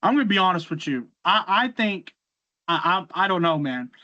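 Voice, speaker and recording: A man's voice: high-pitched, animated, normal speed, sharp tone. A man hosting a casual podcast, retelling events in a rambling way with many restarts and repeated words. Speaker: podcast host. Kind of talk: casual podcast chat recapping wrestling shows. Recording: slightly dull lo-fi recording.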